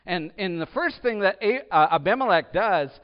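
A man preaching a sermon as pastor, swinging between loud emphatic bursts and hushed low asides. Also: lively intonation, normal speed. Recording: dull echoey hall.

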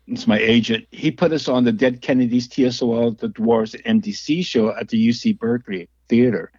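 A man's voice: medium pitch, a little mellow, no echo, muffled recording. A man telling rambling stories as a music interview guest, with frequent laughs and restarts. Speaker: guest musician and label owner. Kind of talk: casual storytelling interview.

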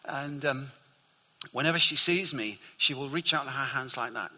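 A man's voice: mid-range voice, moderate pace, pushed and bright. An older man preaching a sermon, earnest and fond of repeating his key phrases for emphasis. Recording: hall reverb.

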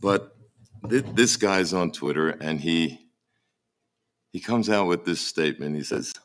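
A man preaching a sermon as pastor, emphatic and often halting to repeat his words, with a dry mocking humour. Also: low-pitched, a bit bright.

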